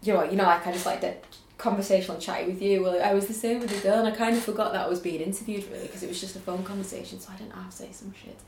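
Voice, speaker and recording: A woman's voice: mid-range voice, steady tone, rapid-fire, darkish tone. A woman, a designer and illustrator, chatting as a guest in a self-deprecating way with frequent laughter. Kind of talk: casual chat. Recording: echoey room with faint hiss.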